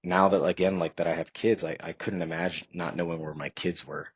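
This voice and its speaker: Brief: man in his thirties, podcast guest, very low and husky, earnest storyteller, dry, slightly dull audio. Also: steady tone, fairly quick, no room sound. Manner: earnest, reflective, filler-heavy storytelling. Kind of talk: personal storytelling in a podcast interview.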